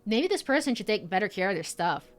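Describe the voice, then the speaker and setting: A woman's voice: medium pitch, sing-song, quick pace, faint music behind. A young woman streaming a video game, chatting casually, bubbly and giggly, gushing over cute things. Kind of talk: casual let's-play commentary.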